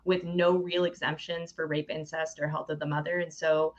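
Low-voiced woman on a remote call. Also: moderate pace, highs cut off. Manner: steady, practiced talking points. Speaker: campaign director, guest. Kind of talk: advocacy interview answers.

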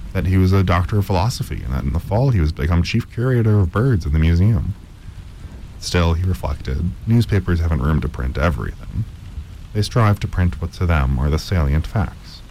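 Male story narrator, very low and mellow, steady read-aloud delivery. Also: a little hiss or hum, low-quality recording. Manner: measured, with occasional stumbles and repeats.

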